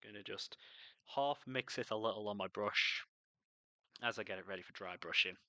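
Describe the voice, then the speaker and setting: Young man, low bright voice, casual sweary rambling chat, dry close sound. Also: normal speed, no echo. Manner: chatty, swears freely, rambles. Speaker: miniature painting streamer. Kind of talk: casual chat while painting.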